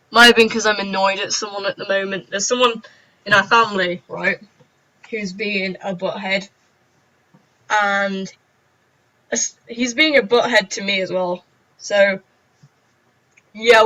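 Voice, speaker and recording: A woman's voice: medium pitch, fairly bright tone. A young woman chatting in a rambling, giggly, self-mocking way on a casual story-time vlog. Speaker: vlogger. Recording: dull lo-fi recording.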